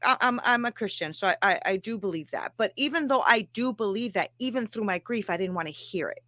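A woman hosting a podcast talks frankly and animatedly, leaning on fillers like "um" and "you know." Her voice sits in a middle pitch and sounds dry and close to the mic. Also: animated, fairly quick, bright, forceful tone, dry recording. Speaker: podcast host. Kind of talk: casual interview chat.

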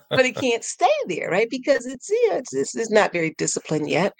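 A woman coach guesting on a podcast, speaking in a lively, animated way, laughing often and acting out her inner voice in playful high tones. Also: moderate pace, vocal fry, dry recording. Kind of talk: casual podcast interview.

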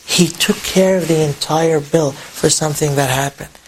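A man's voice: fairly high pitch, normal speed, slight background noise, poor audio. A man telling an inspirational story to an audience in a casual, conversational way with asides.

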